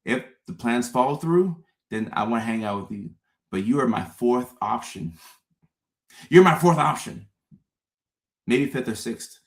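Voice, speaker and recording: Male livestream host, mid-range voice, casual and animated, stammering repeats. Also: mid-range voice, normal speed. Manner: animated, repeats words, acts out his own thoughts. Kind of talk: casual livestream talk to viewers.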